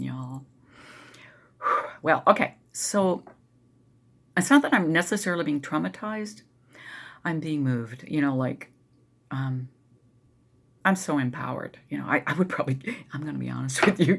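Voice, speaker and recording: A woman from the US Midwest telling a personal story to her viewers, rambling and digressive, calling them "y'all" and sometimes sinking into a soft, emotional near-whisper. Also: a bass voice, creaky, husky. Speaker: vlogger.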